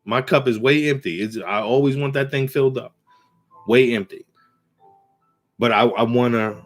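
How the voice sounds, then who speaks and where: A man hosting a video, casually preaching and telling a parable, asking "right?" as he goes. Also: medium pitch. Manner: rambling storyteller, asks "right?" often. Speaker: video host.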